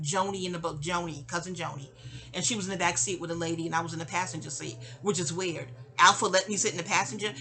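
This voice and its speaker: A woman tells a story from her life in a casual, profane monologue. Her voice is bright and clear, and she jumps high and low when she acts out what people said. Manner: animated, acts out quotes with big pitch jumps; profane, conversational asides. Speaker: audio diary storyteller.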